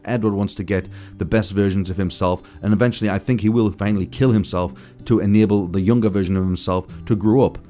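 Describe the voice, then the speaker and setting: A man with a low, warm voice talks through gaming theories to his audience, thinking out loud and growing excited as he goes. Faint guitar music plays in the background. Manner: excited, speculative, addresses viewers as guys. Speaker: gaming channel host. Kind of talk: casual gaming theory commentary.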